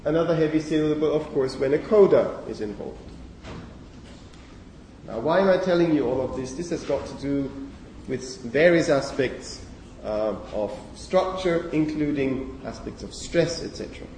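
A man giving a university lecture on phonology in a lecture hall, speaking haltingly with many fillers and self-corrections. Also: a little high, darkish tone, slight background noise. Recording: echoey lecture hall from far off.

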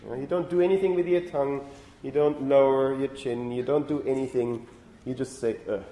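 A man's voice: mid-range voice, steady tone, a little fast, warm tone. Man lecturing in an echoey room. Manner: explanatory, repeats "okay?" to check understanding. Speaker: linguistics lecturer. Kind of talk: university lecture. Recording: echoey room with faint ambient noise.

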